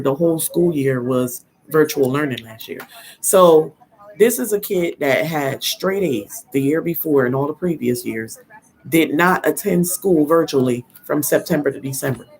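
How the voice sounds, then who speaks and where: An older woman, a grandmother, hosting a casual live stream and telling stories in a firm, no-nonsense way, acting out quoted dialogue and now and then clearing her throat. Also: on the low side, darkish tone. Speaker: host of a live parenting talk.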